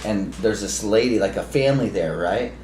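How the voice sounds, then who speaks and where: A man co-hosting a podcast, telling a story in a casual, animated way, swearing freely and acting out the people in it. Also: lowish voice, normal speed. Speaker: podcast co-host. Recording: roomy with faint noise.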